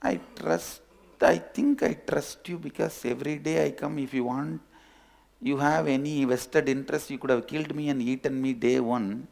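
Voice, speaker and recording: A man voicing a shy young lamb in a spoken parable, talking softly and hesitantly. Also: medium pitch, fairly even intonation, moderate pace, creaky, close to an everyday voice. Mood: timid, earnest. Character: timid young male lamb, shy and earnest.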